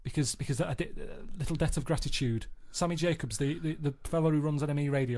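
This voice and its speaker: A deadpan Mancunian man with a slightly high voice, chatting on the radio. He makes blunt, matter-of-fact points at an unhurried pace. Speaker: regular radio guest. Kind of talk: casual radio chat.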